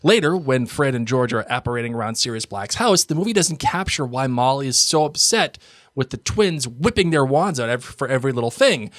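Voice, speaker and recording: A man's voice: mid-range voice, expressive, a little fast, dry recording, studio quality. A man co-hosting a podcast, chatting casually and reading listener emails in an easygoing, amused way. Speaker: podcast co-host.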